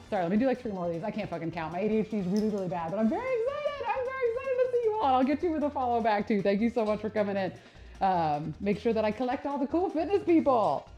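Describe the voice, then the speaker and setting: Animated swearing woman streaming a workout. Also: mid-range voice. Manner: animated, swearing, self-mocking, laughs often. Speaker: fitness streamer and personal trainer. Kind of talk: casual live-stream chat while working out.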